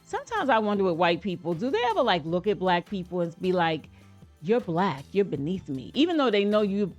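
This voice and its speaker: An American woman reacting to a reality show in a relaxed, chatty way, addressing her viewers directly and throwing in playful asides. Her voice sits at an ordinary middle pitch. Quiet music plays faintly behind her. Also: fast talker, highs cut off. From United States. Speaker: reaction video host. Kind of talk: casual reaction commentary.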